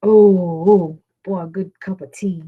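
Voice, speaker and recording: Slow-talking Louisiana woman streamer. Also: fairly low pitch, steady tone, narrow, tinny audio. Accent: Louisiana Southern. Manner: chatty, rambling, reading out viewer names. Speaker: livestream host. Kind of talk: casual livestream chat with viewers.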